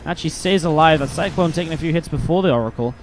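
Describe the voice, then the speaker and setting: Casual English esports caster. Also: male voice, on the high side, fast, slight background noise. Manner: chatty, casual asides between play calls. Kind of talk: live play-by-play game commentary.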